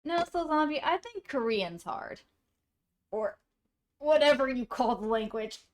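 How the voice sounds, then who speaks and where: A woman with a somewhat high-pitched voice talks casually on a live stream. She rambles as she reacts to comments from her viewers, in an easy, chatty way. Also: animated, unhurried. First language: English. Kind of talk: casual chat.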